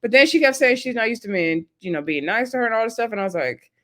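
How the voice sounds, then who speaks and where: A woman's voice: on the high side, expressive, fast talker, fairly bright tone. Woman reviewer, sassy and conversational, casual vlog recap. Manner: chatty and sassy, with frequent laughs and asides. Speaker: reality show reviewer.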